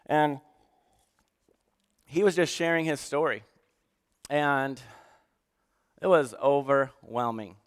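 A man preaching in a relaxed, conversational way, with a smooth, resonant voice at an ordinary middle pitch. He is animated and joking in his asides and earnest when he tells a story. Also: slow pace, pauses often. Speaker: pastor.

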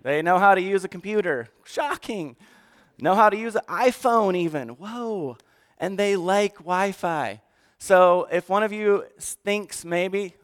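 A man's voice: sits high, animated, unhurried, clean tone. A man speaking as a pastor to his church in a conversational sermon, moving from joking asides to earnest, emotional storytelling.

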